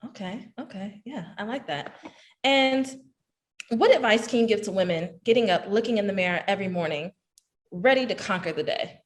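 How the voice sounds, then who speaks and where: A woman's voice: mid-range voice, normal speed. Friendly woman interviewer. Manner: friendly, chatty storytelling. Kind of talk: casual conversational interview.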